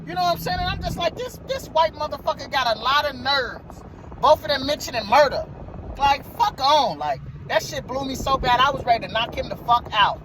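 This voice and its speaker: A man's voice: very high voice, expressive, brisk, noisy background. A man who drives a motor coach bus tells a story in a casual vlog, heated and profane, and he repeats himself.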